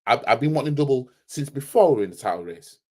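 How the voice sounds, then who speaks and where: A man's voice: mid-range voice, lively intonation, fast, darkish tone. A man hosting a football fan channel, giving a heated, blunt match reaction full of slang and repeating himself for emphasis.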